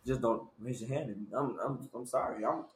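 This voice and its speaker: A man's voice: mid-range voice, brisk. Stammering playful young man, echoey room. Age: young adult. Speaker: podcast co-host. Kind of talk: casual podcast banter. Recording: echoey room with faint noise.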